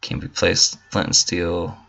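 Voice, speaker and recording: Very deep gravelly man gaming. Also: monotone, unhurried, sharp tone. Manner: profane, joking, talks to game characters. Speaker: gamer. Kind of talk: casual let's play commentary.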